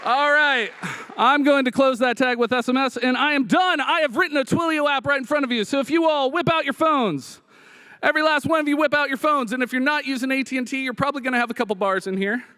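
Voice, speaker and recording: A man from Rhode Island giving a joking, excitable live coding demo on stage at a hackathon. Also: very high voice. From Providence, Rhode Island. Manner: joking, fast, excitable, frequent uh fillers.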